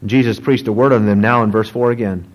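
A man, a pastor, preaching a sermon in an animated, joking storytelling manner. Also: lowish voice, fast talker, poor audio.

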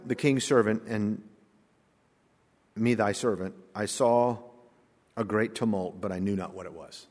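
A man in his sixties, a pastor, preaching a sermon that swings from quiet asides to loud emphatic lines. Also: on the low side, a little slow, pauses often. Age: 60s. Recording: long hall reverb.

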